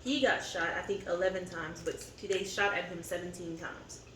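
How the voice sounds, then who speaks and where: As co-host of a family eating channel, a woman vents candidly over a meal, rambling with fillers and unpolished phrasing. Her lowish voice is steady, pushed and bright at a normal speed, and the camera sits at a distance in a roomy space with echo and a faint hum of ambience.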